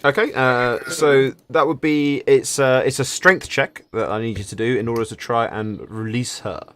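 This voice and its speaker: A man running a tabletop game as game master, explaining quickly and often stumbling over repeated words. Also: medium pitch, steady tone, fairly bright tone.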